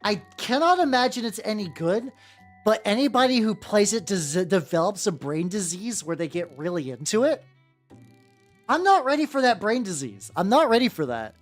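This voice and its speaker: Speaking at a moderate pace in an animated, medium-pitched voice, a woman streamer rambles while painting miniatures. Her chat is casual and self-deprecating, and faint music plays underneath.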